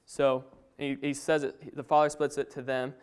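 A man's voice: mid-range voice, flat delivery, moderate pace, smooth. A man preaching a sermon, reading scripture aloud and then explaining it in his own words with frequent restarts.

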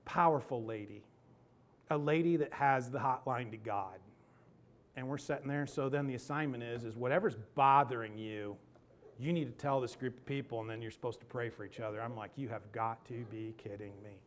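A man preaching a sermon, telling a personal story in an animated, emphatic way and then leading a hushed, earnest prayer. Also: mid-range voice, brisk.

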